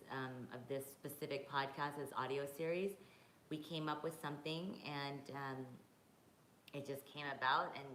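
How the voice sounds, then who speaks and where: A woman's voice: low-pitched, a bit bright, reverberant, a little hiss or hum, poor audio. A woman hosting a live stream, chatting casually with her viewers, swearing freely and reacting to their comments while sipping wine. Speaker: podcast host reading live chat.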